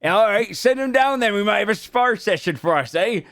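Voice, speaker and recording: Guy putting on a shouty halfling thug, high and rough, slangy. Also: animated, a little fast, no room sound. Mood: excited. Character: rowdy halfling gang thug, loud and coarse.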